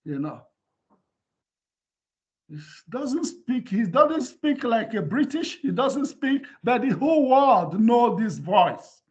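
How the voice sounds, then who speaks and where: A man, a professor, giving a university lecture in an animated way and often asking his students whether they follow. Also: very high voice, slow pace. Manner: animated, repeats "can you see?". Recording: dull lo-fi lecture recording.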